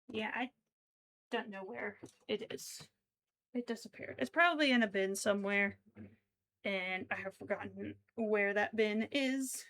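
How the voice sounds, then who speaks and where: A woman chatting casually on a craft livestream, slow and chatty, at times cooing baby talk to her pet. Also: a little high, fairly bright tone, low-quality recording. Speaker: crochet streamer.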